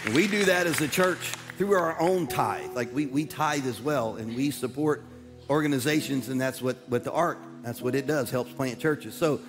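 A man, the church's pastor, introducing a guest speaker to his congregation in an energetic, rallying way. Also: medium pitch, moderate pace, crowd noise. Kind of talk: sermon introduction. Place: large church auditorium. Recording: long reverb in a church hall. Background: music playing.

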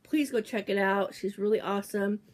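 A woman in her forties, opening a package on a casual vlog, talking excitedly with lots of fillers. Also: medium pitch, moderate pace. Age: 40s. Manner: gushing, excitable, trails off with fillers. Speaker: YouTuber opening a mail package.

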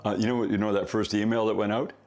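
A middle-aged man speaking as a guest founder, with a fairly low voice and a gravelly edge. He tells stories casually and animatedly, often laughing at himself. Faint music sits behind him. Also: level tone, racing, darkish tone. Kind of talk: casual anecdotal storytelling.

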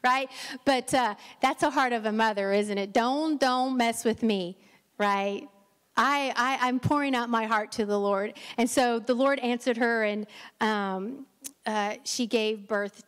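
A woman's voice: a little high, measured pace, fairly bright tone, clean tone. A middle-aged woman giving an encouraging Mother's Day sermon from a church stage, often stumbling and restarting her sentences. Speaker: pastor's wife preaching. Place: church sanctuary. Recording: long church hall reverb.

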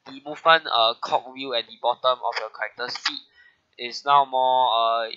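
A man's voice: mid-range voice, fairly even intonation, moderate pace, pushed and bright, muffled recording. A man hosting a casual gaming video, sick with a bad flu, his voice nasal, talking through update notes with frequent "uh" fillers. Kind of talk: casual game update commentary.

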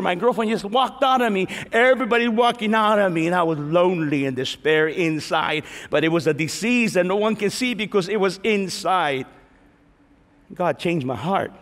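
A middle-aged man, preaching a lively sermon testimony as a pastor and acting out the voices in his story. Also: high-pitched. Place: large church hall. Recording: reverberant church hall.

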